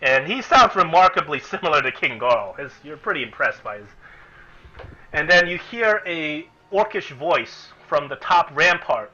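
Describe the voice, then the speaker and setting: A man's voice: a little high, very animated, moderate pace, sharp tone. A man narrating a tabletop game as game master, thinking aloud and restarting sentences, in a dull lo-fi recording.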